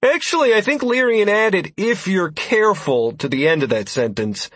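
Man doing a cocky rogue, bouncy and high, husky and close, for an audiobook. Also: lively intonation, moderate pace, fairly bright tone, no room sound, exaggerated voice. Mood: smug. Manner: chuckling, smug. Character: cocky young male rogue, playful.

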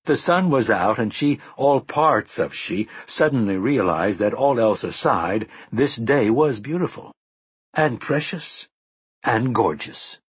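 Male audiobook narrator, husky, measured and expressive, dry close sound. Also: medium pitch, dry recording.

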